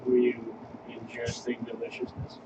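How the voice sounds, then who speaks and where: A man's voice: medium pitch, monotone. A man joking around and teasing his friends in a casual radio-show chat. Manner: teasing, quick jokes. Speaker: podcast co-host. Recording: distant, dull mic with noise.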